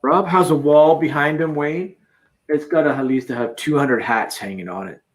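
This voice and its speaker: A man's voice: fairly high pitch, normal speed. A Canadian man hosting a casual live-stream chat from his campervan, reading out viewer comments and laughing often. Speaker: livestream host.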